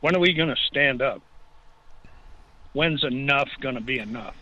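A man's voice: medium pitch, normal speed, pushed and bright, dry recording, lo-fi sound. A man calling in to a radio talk show, telling a story with impassioned, ranting energy. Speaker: caller.

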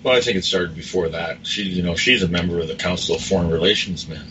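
A man's voice: deep voice, fast, far from the mic, muffled recording, background noise. A man hosting a radio talk show, asking pointed questions and making sarcastic asides.

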